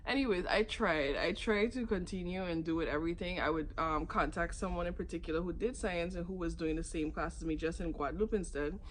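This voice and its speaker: A woman's voice: a little fast, hardly any pauses, a little hiss or hum. Chatty woman telling a story. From Saint Martin. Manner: chatty, acts out others' lines with sudden high jumps. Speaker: vlogger. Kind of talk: casual storytelling.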